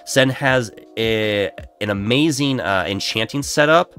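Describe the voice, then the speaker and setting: A man's voice: fairly low pitch, measured pace, fairly bright tone. A man live-streaming a video game, nasal and congested from allergies, chatting casually with his viewers in a self-deprecating way while he plays. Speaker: Minecraft streamer. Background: lo-fi background music.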